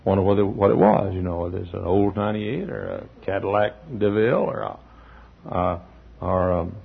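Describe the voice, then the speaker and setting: A male pastor preaching a sermon in a church, telling stories, acting out the people in them and often clearing his throat. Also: low voice, normal speed. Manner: storytelling, acting out quotes, frequent throat clearing. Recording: dull lo-fi sermon recording.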